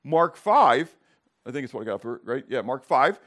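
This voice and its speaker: Animated man teaching a Bible class. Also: medium pitch, moderate pace. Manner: animated, tags "okay?" and "right?" to check the class; asks the class questions and acts out scenes.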